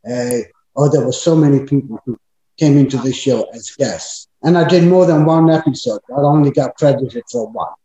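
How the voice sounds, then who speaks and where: A man's voice: mid-range voice, mellow. An older man, an actor, telling chatty anecdotes about his past work in an interview. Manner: chatty, anecdotal storytelling with frequent fillers. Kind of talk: reminiscing interview. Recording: echoey, dull-sounding room.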